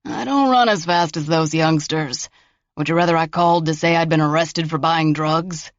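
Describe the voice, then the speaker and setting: A man voicing a stubborn, frail eighty-seven-year-old grandfather with a trembling voice, in a slow drawl, for an audiobook. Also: a little high, no room sound, muffled recording, close to an everyday voice. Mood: defiant.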